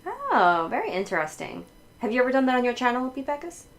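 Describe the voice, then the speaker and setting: A woman hosting a casual livestream, chatting while she decorates, laughing often and filling pauses with ums. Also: high voice, sing-song, poor audio. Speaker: livestream host.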